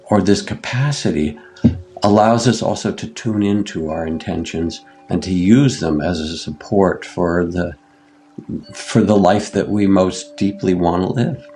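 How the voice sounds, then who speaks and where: Gravelly deep older man, gentle and unhurried. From United States. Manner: gentle, unhurried, pauses with fillers. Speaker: meditation teacher, podcast guest. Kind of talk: reflective interview talk.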